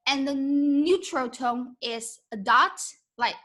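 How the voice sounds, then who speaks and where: High bright-voiced woman teaching Mandarin. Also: a little slow, few pauses. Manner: mixes English and Mandarin, demonstrates tones by drawing out syllables; encouraging, asks "okay?" often. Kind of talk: live-stream language lesson.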